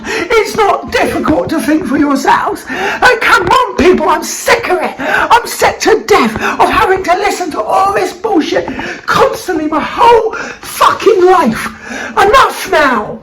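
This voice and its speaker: High, heated British woman ranting. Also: animated, measured pace, noisy background. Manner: heated, sweary, voice cracking between laughter and tears. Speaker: vlog host. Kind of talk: angry ranting monologue.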